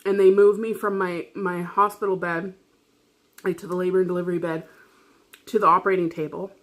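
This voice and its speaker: A woman's voice: lowish voice, little pitch movement, a little fast. A woman vlogger telling a personal story in casual chat, rambling, swearing freely and laughing often.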